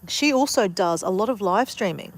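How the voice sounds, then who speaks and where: A woman's voice: mid-range voice, animated, normal speed. Chatty Australian woman live-streaming outdoors. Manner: chatty and upbeat, talking to viewers. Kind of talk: casual live-stream chat. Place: outdoors in a backyard with chickens.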